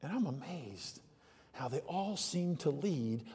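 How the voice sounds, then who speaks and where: A man preaching a sermon, telling stories and moving from hushed asides to loud, emphatic outbursts. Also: on the high side, animated, slow, long reverb tail, slight background noise. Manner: storytelling, swings from soft asides to loud exclamations. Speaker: pastor.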